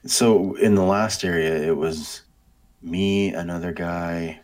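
Low-voiced guy rambling thru a game story, keeps correcting himself. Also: steady tone, slow, a little mellow. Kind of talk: casual gaming chat.

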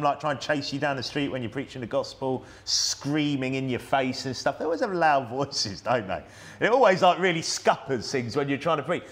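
A man with a British accent preaching a sermon in a church, talking conversationally with frequent restarts and tag questions. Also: mid-range voice. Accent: British English. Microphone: plugged-in microphone.

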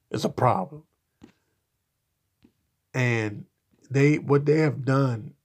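Slow, gravelly man ranting bluntly. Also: mid-range voice. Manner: blunt, profane and emphatic; slow, halting delivery with repeated restarts. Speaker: podcast commentator. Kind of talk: opinionated solo commentary.

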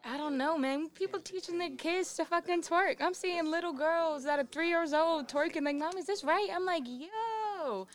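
A woman's voice: extremely high pitch, fairly even intonation, moderate pace, hardly any pauses. A young adult woman talking casually as a guest musician, laid-back and slangy, swearing freely. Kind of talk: casual interview chat.

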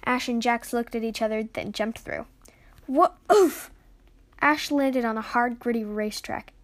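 A woman reading a children's adventure story aloud, with lively storytelling. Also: a little high, normal speed. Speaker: story reader.

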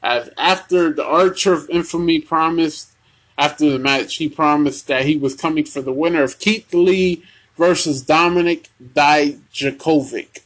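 Young male podcast host, unhurried and hesitant, fairly high husky voice. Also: fairly even intonation, a bit bright. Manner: slow, halting, many ums and restarts. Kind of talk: casual wrestling recap.

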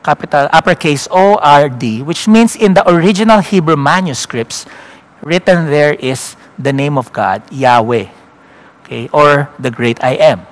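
A man preaching a Bible-teaching sermon. He tells the story slowly for emphasis and often checks in with his listeners with a quick "no?" or "okay?". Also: on the high side, expressive.

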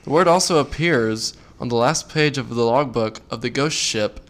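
A man's voice: mid-range voice, moderate pace. Joking male podcast co-host. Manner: joking, teasing, laughs easily. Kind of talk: casual podcast chat, reading notes aloud.

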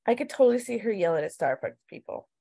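A woman in casual chat recapping a TV show, animated and swearing freely as she acts out quotes. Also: medium pitch, fast. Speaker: podcast co-host.

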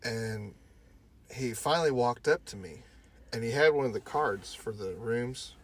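A man's voice: mid-range voice, expressive, a little slow. A man in his thirties, a podcast co-host, telling a casual story and swearing often. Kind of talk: casual chat.

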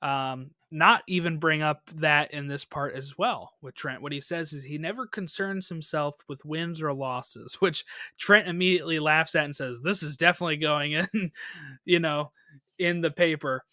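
A podcast co-host in a casual recap chat, talking in animated quick bursts and laughing often. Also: medium pitch, no echo, studio quality.

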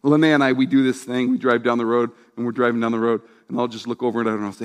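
A man, a pastor, preaching a sermon in a casual, storytelling way, dropping low and quiet for quoted lines and emphasis. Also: fairly even intonation, racing, few pauses.

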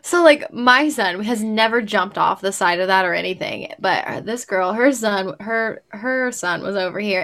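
A young adult woman in casual chat, telling animated stories with frequent laughter and swearing. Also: mid-range voice.

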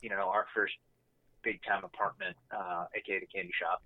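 A man's voice: low voice, little pitch movement, brisk, phone-quality sound. A young man co-hosting a casual chat podcast, telling stories wryly and acting out quotes. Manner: wry storyteller, acts out quotes. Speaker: podcast co-host.

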